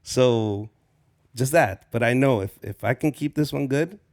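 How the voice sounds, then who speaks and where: Gravelly comedian guy in his 40s from socal, loose cussing storyteller, mid pitch. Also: measured pace. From Southern California, US. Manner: loose, profane storytelling, acts out voices. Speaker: stand-up comedian, guest. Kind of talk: casual storytelling interview.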